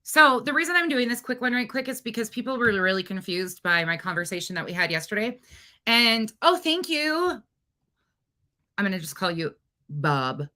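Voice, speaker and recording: A woman hosting a casual livestream, greeting her viewers by name in a chatty, lively way. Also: fairly high pitch, normal speed. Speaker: livestream host.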